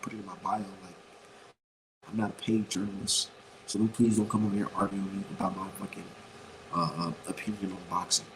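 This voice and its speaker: Gravelly-voiced man ranting about boxing. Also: fairly low pitch, slight background noise, low-quality recording. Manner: profane, blunt and emphatic; rambling, repeats points for emphasis. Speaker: boxing commentator. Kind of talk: casual boxing opinion rant.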